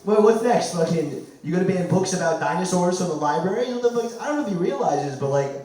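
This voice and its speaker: A man doing a loud, crude stand-up set, his voice going hoarse. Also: sits high, expressive, fast. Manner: loud, crude, rambling jokes. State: losing his voice. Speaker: stand-up comic. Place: comedy club stage. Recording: echoey room, mic far off.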